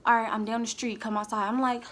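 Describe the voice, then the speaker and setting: A woman's voice: fairly high pitch, level tone, fast, fairly bright tone. A young woman telling a candid, heated storytime straight to her viewers. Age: young adult. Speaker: vlogger. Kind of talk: storytime vlog.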